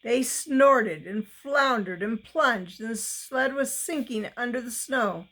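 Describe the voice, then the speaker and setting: A woman reading a children's novel aloud, slowly and deliberately, with small slips. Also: a little high, sharp tone, rough recording. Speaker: reader.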